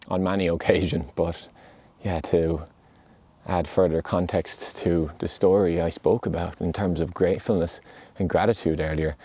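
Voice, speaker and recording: A man giving a heartfelt, motivational monologue outdoors on a mountainside. He speaks in an earnest, gentle and reassuring way. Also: low voice, dry recording. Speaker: podcast host.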